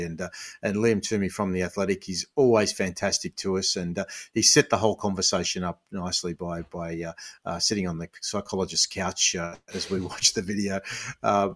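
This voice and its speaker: Deep-voiced radio host. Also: male voice. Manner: chatty, jokey. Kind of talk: hosting and live-read ad.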